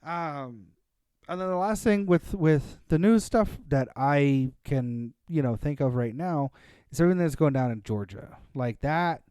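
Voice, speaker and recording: Dry, mellow-voiced man chatting casually. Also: on the high side, expressive, measured pace, clean tone, dry recording. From Pennsylvania, USA. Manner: rambling, many fillers and restarts. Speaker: podcast co-host. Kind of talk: casual chat.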